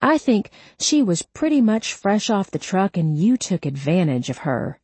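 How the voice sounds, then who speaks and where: A woman voicing a tough female police detective who stays calm and cutting while questioning a suspect. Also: medium pitch, unhurried, breathy edge, dry recording, full character voice. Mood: cool. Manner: calm and cutting, quietly menacing.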